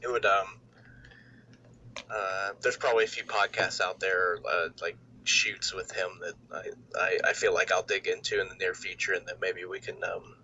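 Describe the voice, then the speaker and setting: A man's voice: low voice, flat delivery, normal speed, sharp tone, lo-fi sound, a little hiss or hum. A man co-hosting a casual wrestling podcast, speaking hesitantly with lots of fillers. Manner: hesitant, filler-heavy, laughs often. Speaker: podcast co-host.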